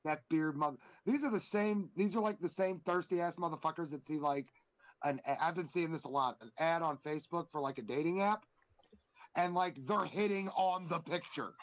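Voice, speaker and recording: A man's voice: fairly high pitch, moderate pace. A man co-hosting a casual wrestling chat podcast, ranting in a heated, profane way. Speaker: podcast co-host. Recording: dull lo-fi sound.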